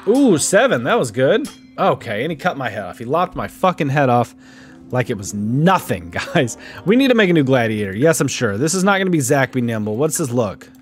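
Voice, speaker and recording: A man's voice: mid-range voice, very animated, a little fast, soft background music. A man casually commentating his own gameplay, joking and reacting playfully. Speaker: gaming YouTuber. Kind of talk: casual let's-play commentary.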